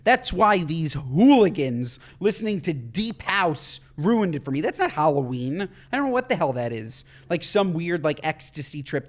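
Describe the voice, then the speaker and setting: A man co-hosting a podcast, talking with a lively, swinging pitch and a fairly high voice. He rants and jokes in easy, expressive chat. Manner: expressive, quick to laugh and rant. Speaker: podcast co-host. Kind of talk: casual chat.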